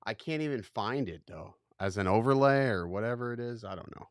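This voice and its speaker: Excitable self-mocking male stream host. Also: fairly low pitch, fairly quick, clear, resonant tone, no room sound, studio quality. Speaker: livestream host. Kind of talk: casual chat.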